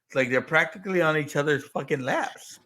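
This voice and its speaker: A man's voice: on the high side, brisk, sharp tone. A man co-hosting a casual movie podcast, swearing freely, laughing a lot and rambling loosely. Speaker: podcast co-host.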